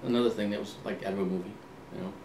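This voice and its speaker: A man's voice: fairly low pitch, steady tone, rapid-fire, warm tone. Older man telling stories in a roomy space. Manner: recounts events by acting out past conversations, with frequent ums and restarts. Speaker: author being interviewed. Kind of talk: relaxed anecdotal storytelling. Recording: roomy, distant mic, faint ambient hum.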